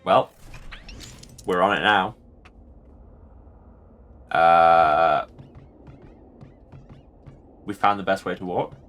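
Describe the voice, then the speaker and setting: A man's voice: low voice, drawn-out words, pauses often, fairly bright tone, faint music behind. A man hosting a let's play and giving playful, jokey commentary on the game. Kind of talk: casual gameplay commentary.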